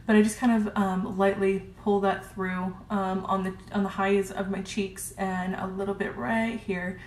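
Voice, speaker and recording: Woman, beauty vlogger, casual chatty review, mid pitch, echoey room. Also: level tone, measured pace, hardly any pauses, darkish tone. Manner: chatty, gushing, frequent ums. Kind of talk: casual makeup brush review. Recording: roomy with faint hiss.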